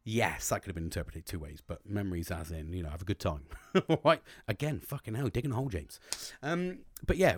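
Halting, swearing man. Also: mid-range voice, no room sound. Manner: halting, repeats words, swears often. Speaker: vlogger. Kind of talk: candid personal monologue.

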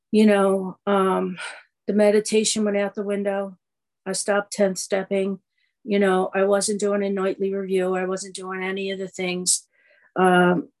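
A woman's voice: mid-range voice, a little mellow, poor audio. A middle-aged woman speaking at a recovery meeting, telling her story in a loose, conversational way full of fillers and restarts. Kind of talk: personal testimony storytelling.

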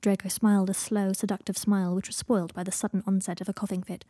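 Mellow, husky woman reading a story. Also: mid-range voice, little pitch movement, quick pace, no echo, clean studio sound. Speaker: audiobook narrator. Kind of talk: fan fiction audiobook narration.

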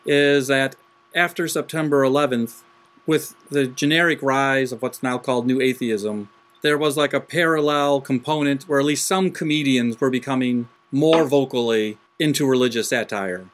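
A man hosting a podcast interview, asking long, rambling questions in a relaxed, chatty way and laughing along. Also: mid-range voice, moderate pace. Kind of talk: casual interview chat.

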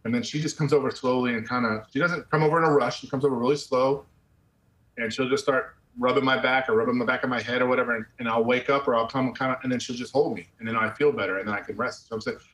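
Middle-aged vet guy talking quick and blunt, roomy echo around him. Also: mid-range voice, fairly even intonation, fairly bright tone. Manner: blunt, conversational, drops "man" and the odd curse. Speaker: army veteran guest. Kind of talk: candid personal storytelling.

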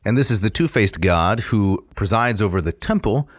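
A man's voice: fairly low pitch, expressive, normal speed, no echo. Wry man with a cold, dry basement sound. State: has a cold. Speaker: podcast co-host. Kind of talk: casual chat.

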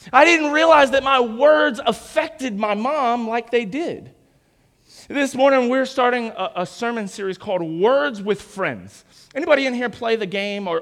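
A young male pastor preaching in a chatty, storytelling way, asking the congregation questions. His voice sits high and moves freely up and down, lively and expressive. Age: 20s. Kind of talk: sermon.

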